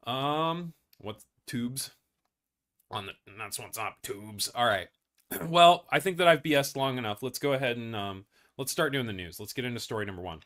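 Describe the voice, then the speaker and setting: A man's voice: medium pitch, sharp tone. A young man hosting a casual news livestream, rambling and self-deprecating, with many fillers and restarts as he reads stories and viewer comments.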